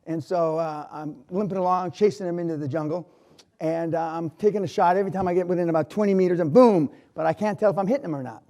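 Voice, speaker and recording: An older motivational speaker addresses a live university hall audience, telling blunt, profane stories and swinging between loud and quiet. His voice sits on the high side with a creaky quality.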